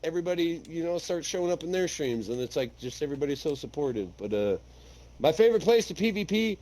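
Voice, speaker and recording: A man's voice: fairly high pitch, expressive, quick pace, mellow, slight background noise, low-quality recording. A man talking casually on a gaming podcast, laid-back, laughing often and swearing freely. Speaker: podcast host.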